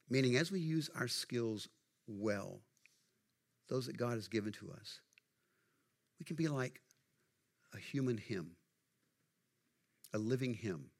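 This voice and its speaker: Folksy middle-aged preacher, conversational sermon. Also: male voice, medium pitch. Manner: conversational, folksy, asks the congregation questions. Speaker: pastor.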